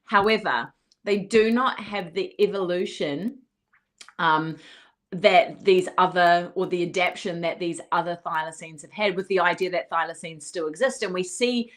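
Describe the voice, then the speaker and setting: A woman's voice: lowish voice, normal speed. A middle-aged woman co-hosting a podcast, chatting casually and rambling with lots of fillers. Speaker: podcast co-host. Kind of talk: casual chat.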